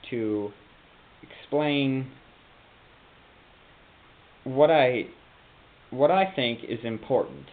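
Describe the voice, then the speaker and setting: A young man vlogging in a rambling, halting monologue, slipping into a put-on Southern drawl. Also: mid-range voice. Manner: meandering, self-interrupting, halting. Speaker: YouTube vlogger. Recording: phone-like lo-fi with faint hiss.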